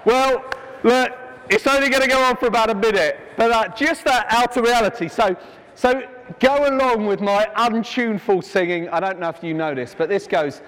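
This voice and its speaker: In a church hall, a man with a high-sitting, fairly bright voice preaches an informal sermon at a moderate pace, complete with a sung action chorus. He's chatty and self-deprecating with the congregation, slipping into jokey asides. Long church hall reverb fills the recording.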